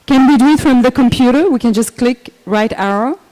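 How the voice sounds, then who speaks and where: An older woman giving a personal memorial talk, unhurried and conversational, with many fillers and restarts. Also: fairly high pitch, warm tone. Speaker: memorial speaker. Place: temple hall. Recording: echoey hall reverb.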